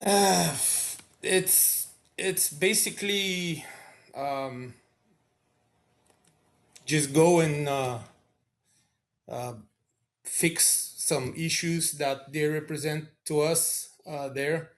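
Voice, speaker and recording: Slow, halting male guest. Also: fairly high pitch. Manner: halting, many fillers. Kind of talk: interview answers.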